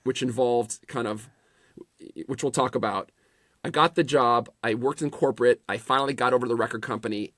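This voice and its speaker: A middle-aged man spins animated stories as a podcast guest, doubling back and restarting his phrases as he goes. His voice sits in a middle range and is recorded close and dry, with no room sound. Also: mid-range voice, dry recording. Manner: animated anecdotes with repeated restarts. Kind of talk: casual storytelling interview.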